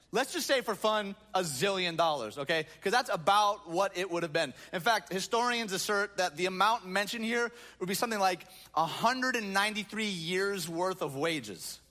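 Upbeat joking pastor, man. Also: sits high. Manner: conversational, animated, joking asides. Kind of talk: sermon. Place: church stage.

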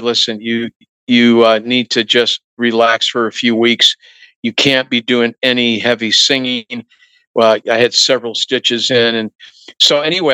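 A middle-aged male musician telling anecdotes in a relaxed interview, acting out what others said to him. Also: medium pitch, clean tone, no echo, poor audio. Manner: relaxed anecdotal, acts out quoted voices. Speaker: guest musician. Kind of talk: storytelling interview talk.

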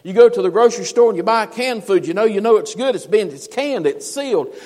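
Preacher man, high voice, folksy stories then big emphatic lines, big hall reverb. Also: animated, fairly quick. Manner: folksy storytelling, rising to emphatic shouts. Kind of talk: sermon.

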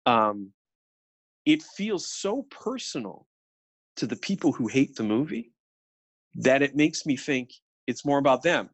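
A man's voice: mid-range voice, measured pace, pauses often, dry recording. Middle-aged man, podcast co-host, casual film talk, many restarts, dry close sound. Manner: animated, many restarts and quoted asides.

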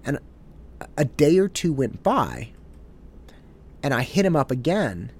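A man speaks in a reflective storytelling monologue. His pitch sits in the middle, but his voice rises and falls a lot. He sounds candid and self-deprecating. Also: very animated, measured pace, darkish tone, breathy edge. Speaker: podcast host.

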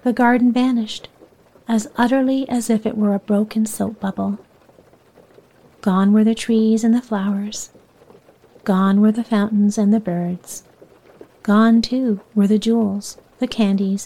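A woman reading a children's bedtime story aloud in a soft voice that often sinks near a whisper. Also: mid-range voice, poor audio.

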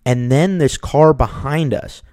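A man casually telling a personal story, lively, acting out the people in it. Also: mid-range voice, unhurried, no echo. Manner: animated, acts out the people in his story.

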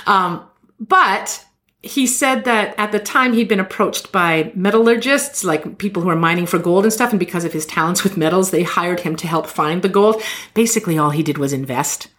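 A woman hosting a podcast, telling a story in casual chat and acting out quotes with jumps in pitch. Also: moderate pace. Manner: animated, acts out quotes with shifting pitch. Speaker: podcast host.

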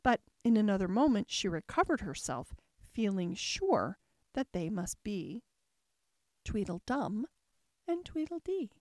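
Lady reading a storybook aloud, calm and even, dry close mic. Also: medium pitch, a little slow, dry recording. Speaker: audiobook narrator. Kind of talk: storybook narration.

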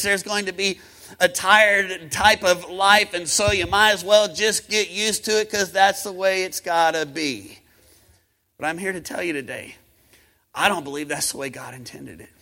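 A male pastor preaching a sermon, rhythmic and impassioned, with fast runs, slow drawn-out emphasis and calls to the congregation. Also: high-pitched, bright, forceful tone, poor audio. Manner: swings from quick talk to slow, drawn-out emphasis.

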